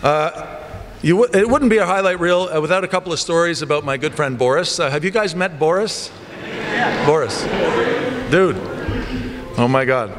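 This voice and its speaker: A male basketball coach giving a lively assembly speech in a church, telling stories and acting them out. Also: on the high side, normal speed, pauses often, a little hiss or hum. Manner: animated storytelling with comic voices. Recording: long church reverb, faint ambience.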